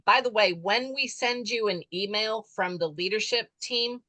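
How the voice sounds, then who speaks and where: A woman leading an online class over a video call, friendly and chatty, her voice a little hoarse. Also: mid-range voice, normal speed, pushed and bright, no room sound, rough recording. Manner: friendly, chatty, says she is losing her voice. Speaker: class leader.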